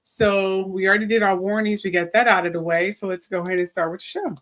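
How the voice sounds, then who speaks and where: A woman's voice: medium pitch, steady tone, quick pace. A woman hosting a casual gossip livestream, rambling and chatting to viewers in the comments. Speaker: gossip show host.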